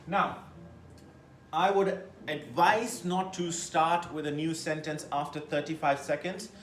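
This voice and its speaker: A man teaching a test-prep class, lecturing with lively emphasis and putting questions to his students. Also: fairly high pitch, takes it slowly, reverberant, slight background noise.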